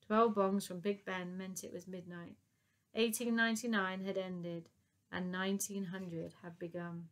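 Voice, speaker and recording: A woman narrating a children's audiobook in a lively, expressive reading. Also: fairly low pitch, moderate pace, faint music behind.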